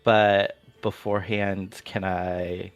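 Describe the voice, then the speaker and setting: Low-voiced man playing a tabletop game. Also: level tone, slow, dull audio, soft background music. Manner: hesitant, filler-heavy. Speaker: player.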